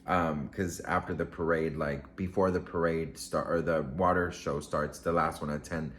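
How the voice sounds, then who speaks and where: A man's voice: very deep voice, fairly even intonation, normal speed, a bit bright, slight background noise. A man vlogger telling a story to camera in a casual, gushing, emotional way, rambling with many fillers.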